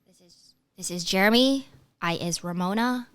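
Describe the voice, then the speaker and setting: A woman's voice: mid-range voice, normal speed, a bit bright, smooth. A woman co-hosting a podcast in casual, playful, teasing banter. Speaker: podcast co-host. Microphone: studio podcast mic with headphones.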